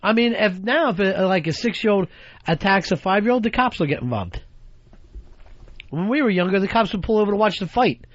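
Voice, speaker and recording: A man's voice: high-pitched, animated, fairly quick, no room sound, lo-fi sound. A man hosting a radio talk show, telling crude, rambling stories and acting out voices. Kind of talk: profane comedic talk radio banter.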